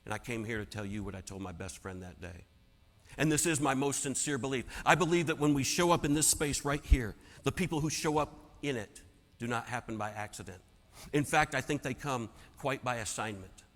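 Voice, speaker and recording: A man telling a personal story as a keynote speaker, dramatic and swinging from hushed to loud. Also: medium pitch, a little fast. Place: large conference hall. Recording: long hall reverb.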